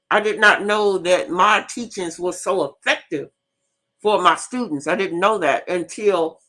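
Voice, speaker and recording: Woman host with a bright edgy voice, animated and cussing a lot, repeats words, chatty live storytelling. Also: mid-range voice. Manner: animated, profane, repeats herself. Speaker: host and teacher.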